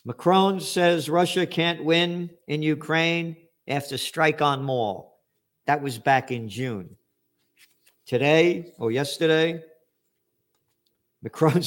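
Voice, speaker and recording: A man's voice: fairly high pitch, slow pace. Sarcastic, profane male commentator. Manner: sarcastic, profane, rising to angry shouts. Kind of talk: political commentary rant.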